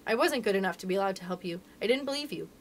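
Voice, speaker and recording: A woman's voice: medium pitch, animated, rapid-fire, slight background noise, voice pushed down, close to an everyday voice. A woman doing an earnest young miner boy.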